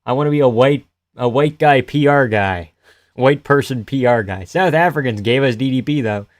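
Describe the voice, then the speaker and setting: A man hosting a live fight-reaction stream, chatting loosely and profanely with his viewers and often trailing off quietly. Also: mid-range voice, moderate pace, no echo. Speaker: live-stream host reading chat.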